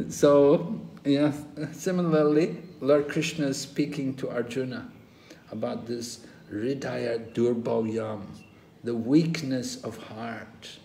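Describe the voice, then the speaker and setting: An older man teaching a scripture class, telling stories slowly and acting out the quoted dialogue. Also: mid-range voice. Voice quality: slow, animated storytelling, acting out quoted dialogue. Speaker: spiritual teacher. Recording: roomy echo, faint ambient noise.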